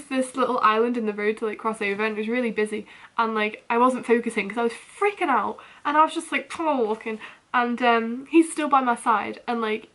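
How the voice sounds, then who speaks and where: A woman's voice: on the high side, fairly bright tone. A young woman telling a story to her camera in a rambling, casual rant, often breaking into nervous laughs. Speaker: vlogger.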